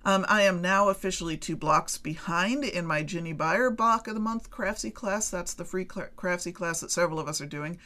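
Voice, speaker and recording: A woman's voice: fairly low pitch, moderate pace, few pauses, pushed and bright. A middle-aged woman hosting her own podcast, talking casually to listeners in a chatty, rambling, self-deprecating way. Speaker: podcast host. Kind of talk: casual solo podcast chat.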